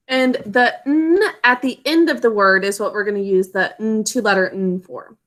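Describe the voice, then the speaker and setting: A woman's voice: fairly high pitch, sharp tone. A woman teacher giving a spelling lesson to children over a video call, patiently sounding out words and syllables.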